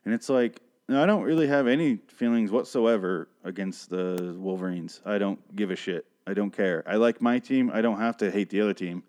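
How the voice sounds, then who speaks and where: A man's voice: on the low side, steady tone, normal speed, few pauses, a little mellow. A man from Michigan hosting an unscripted solo podcast, rambling and swearing in an exasperated rant. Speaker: podcast host.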